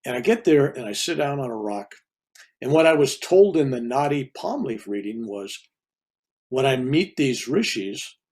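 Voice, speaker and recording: An older reverend with a mid-range, husky, darkish voice tells a spiritual story conversationally. He rambles casually, with restarts and asides.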